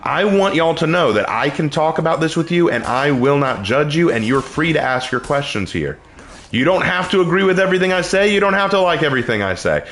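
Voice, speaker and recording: A man's voice: lively intonation, a little fast, a bit bright. A young man on a live stream who answers chat questions about faith in an earnest, emphatic, preacher-like way. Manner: earnest, emphatic, pitch swings when preaching.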